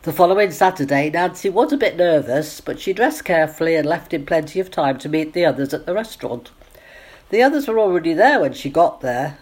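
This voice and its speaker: A woman reading a short story aloud, giving the characters lively voices. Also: low-pitched. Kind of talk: scripted narration.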